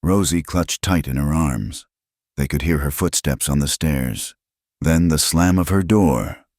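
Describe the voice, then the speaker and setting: A man's voice: very deep voice, measured pace, darkish tone, dry recording, clean studio sound. A man giving scripted, dramatic narration of a Western story.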